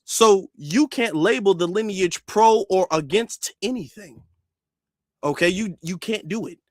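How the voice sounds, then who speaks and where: Exasperated high-voiced man ranting. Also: unhurried, no room sound, clean studio sound. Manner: exasperated, repeats "okay?" to drive points home. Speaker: commentary vlogger. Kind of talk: opinion rant.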